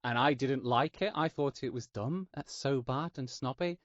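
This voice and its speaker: A man's voice: medium pitch, normal speed, no room sound. A man from Yorkshire hosting a casual interview, with a neutral English accent that has a slight Northern edge, chatty and joking. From Yorkshire, England. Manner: chatty, joking, self-deprecating. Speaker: podcast host. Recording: dull lo-fi dry sound.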